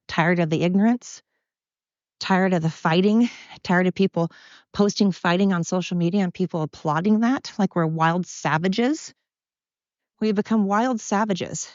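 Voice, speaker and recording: This solo podcast host is a woman whose voice sits on the low side and is a little mellow, in a dry recording. She walks around outdoors giving a casual opinion rant that's blunt, profane, heated, and repetitive. Overall the audio is dull and lo-fi.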